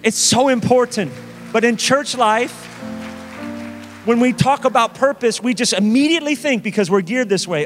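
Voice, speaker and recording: A pastor delivering a sermon, emphatic and repeating key phrases for weight. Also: male voice, extremely high pitch, animated, normal speed, faint music behind.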